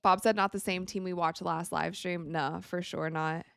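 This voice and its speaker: A woman's voice: on the low side, moderate pace, gravelly, smooth, dry recording. Young woman streamer, casual game commentary, chatty, dry close sound. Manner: chatty, animated, reacting to plays. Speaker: livestream host.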